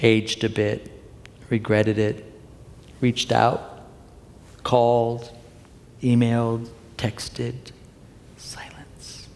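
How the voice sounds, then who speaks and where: A minister preaching in a reverberant hall. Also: male voice, medium pitch, little pitch movement, very slow, creaky, long pauses, a little mellow, slight background noise. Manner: conversational, confessional, with playful asides to the congregation. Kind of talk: Sunday talk sermon. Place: church sanctuary.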